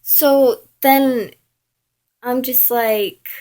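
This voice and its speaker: Woman vlogger, slow and rambling, casual storytelling with lots of "like". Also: a little high. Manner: rambling, with lots of "like" and "I'm all like".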